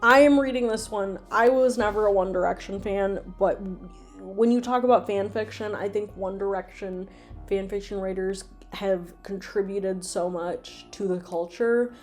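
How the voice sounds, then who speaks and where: A woman's voice: medium pitch, unhurried, faint music behind. A young woman hosting a casual, comedic video, rambling with lots of ums and ironic asides. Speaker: video host reading fan fiction.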